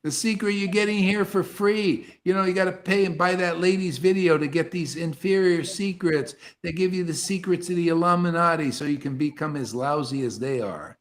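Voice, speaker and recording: A man giving an impassioned devotional talk to an online group, preachy and fervent, swinging between soft asides and loud exclamations. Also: high voice, moderate pace, hardly any pauses. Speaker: spiritual teacher leading an online satsang. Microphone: video call.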